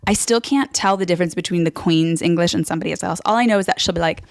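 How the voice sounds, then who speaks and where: A woman's voice: fairly low pitch, quick pace, vocal fry, few pauses, dry recording, studio quality. A woman co-hosting a podcast, gossiping casually, laughing often and slipping into playful impressions. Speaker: podcast co-host. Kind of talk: casual chat with quick accent impressions.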